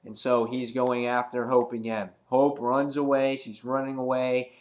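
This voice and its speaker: A man's voice: medium pitch, flat delivery, a little slow, muffled recording. A man giving a casual comic book review, chatty and rambling with many ums and uhs.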